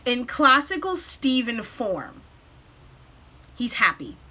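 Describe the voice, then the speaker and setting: A woman recapping a cartoon episode in a casual vlog, tearful and emotional, pausing to collect herself between quick excited bursts. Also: a little high. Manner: tearful, breaks off to compose herself; animated retelling with quick bursts. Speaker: vlogger.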